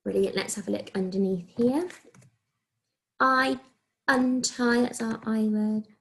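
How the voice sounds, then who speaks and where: A dark-toned, mid-range voice with fairly even intonation belongs to an English-accented primary school teacher. She gives young children a recorded phonics lesson, sounding out letters slowly and clearly.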